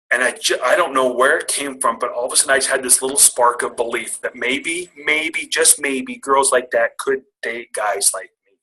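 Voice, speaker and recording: A man's voice: medium pitch, fairly even intonation, normal speed, sharp tone, low-quality recording. A middle-aged man speaking as a guest, telling a candid, self-deprecating personal story to make a motivational point. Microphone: call audio.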